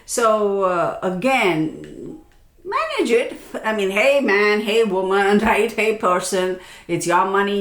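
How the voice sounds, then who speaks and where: A woman talks her viewers through a yearly astrology forecast in a loose, chatty way, poking fun at herself and asking "okay?" as she goes. Her voice sits at an ordinary middle pitch. The room around her rings with echo. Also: animated, measured pace. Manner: chatty and self-mocking, keeps checking in with "okay?". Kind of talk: casual forecast monologue to viewers. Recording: echoey room.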